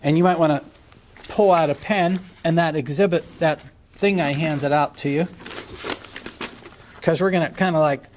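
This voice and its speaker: A man's voice: fairly high pitch, moderate pace, long pauses, darkish tone, a little hiss or hum. A man giving a live lecture to a room of lawyers, rambling through a joke and asking the audience questions. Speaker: lecturer at a legal education seminar.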